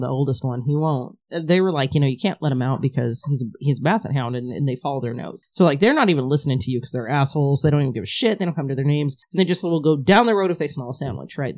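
A woman's voice: sits low, darkish tone. A woman co-hosting a podcast, chatting casually and rambling with some profanity. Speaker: podcast co-host. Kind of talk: casual chat.

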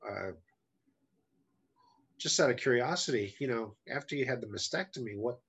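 A man's voice: mid-range voice, moderate pace, a bit bright, husky. A middle-aged man, a podcast guest, telling a story casually in a blunt, candid way, with wry humor about hard times. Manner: blunt, candid, often profane; self-deprecating humor about hardship.

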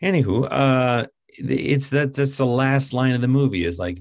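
A man's voice: medium pitch, moderate pace, vocal fry. A man casually reviewing a film with a co-host, given to incredulous, exasperated outbursts.

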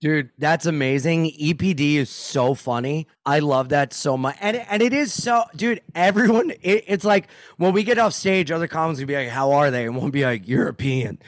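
A man, a comedian guest, in casual podcast chat, animated and profane, acting out quotes in loud voices. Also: on the high side, normal speed, hardly any pauses, no echo, studio quality.

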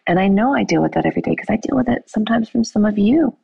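A woman with a deep gravel and fry in her voice, husky and a little breathy, tells a story in casual talk and acts out each person she quotes. The sound is dull and lo-fi, and the room adds no echo. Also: animated, racing. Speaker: parent telling a story. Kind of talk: casual conversation.

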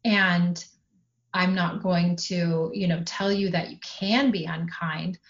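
A middle-aged woman talking about parenting in a casual podcast conversation, calm and steady, explaining her view at length. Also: lowish voice, slow. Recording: slightly dull, lo-fi sound.

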